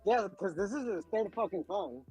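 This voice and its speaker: Husky, high-voiced complaining man. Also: expressive, moderate pace, a little mellow, faint music behind, poor audio. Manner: complaining, swears casually. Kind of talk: casual chat.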